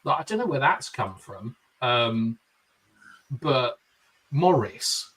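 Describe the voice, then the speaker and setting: A man's voice: mid-range voice, sing-song, slow, a bit bright, breathy edge, recorded from a distance, poor audio. A man hosting a casual live football fan show, reading out viewer comments with jokey asides. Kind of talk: casual live-stream chat.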